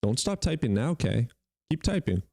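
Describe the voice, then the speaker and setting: A man's voice: medium pitch, big pitch swings, moderate pace, gravelly, warm tone, breathy edge, no room sound, clean studio sound. A young man hosting a livestream debate, mocking chat and callers with swearing and bursts of laughter. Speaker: streamer hosting call-in debates.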